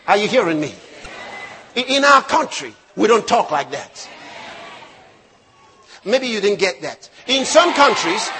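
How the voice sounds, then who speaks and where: A man preaching a sermon with emphatic delivery, rising to shouts and acting out quoted voices. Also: very high voice, slightly rough. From not raised locally; born in another country.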